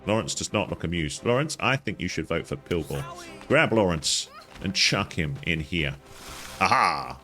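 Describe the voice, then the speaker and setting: Man, low voice, swings up and down a lot, jokey game guide, faint music under him. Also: very animated, moderate pace, pushed and bright. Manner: jokey, talks to characters in silly voices, jumps high in pitch. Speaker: gaming guide host. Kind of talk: playful game walkthrough commentary.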